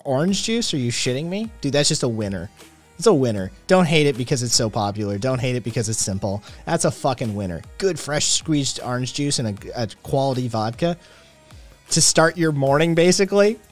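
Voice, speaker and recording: A man hosts a relaxed late-night stream, reading chat comments and answering them with plenty of swearing. His pitch swings widely as he gets worked up, and faint music plays behind him. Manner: profane, animated, reacts to chat messages. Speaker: podcast host reading live chat. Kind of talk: casual livestream chat.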